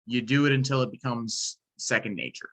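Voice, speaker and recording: A male student shares his experience during a class discussion, hesitant and full of fillers and restarts. His voice is mid-range and brisk, and the recording quality is low.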